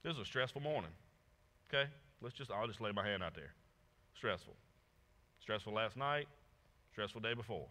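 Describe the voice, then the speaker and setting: A man preaching from a church stage, his voice very bright and ringing with a long hall reverb around it. He talks to the room casually, slips into slang, and plays out the biblical figures he reads about. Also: fairly low pitch, expressive, moderate pace, long pauses. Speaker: pastor. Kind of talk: sermon.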